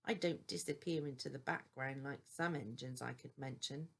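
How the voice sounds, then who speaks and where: A woman's voice: a bass voice, normal speed, creaky, full character voice. An older woman voicing a cheeky, boastful male engine with a cocky manner in a storybook.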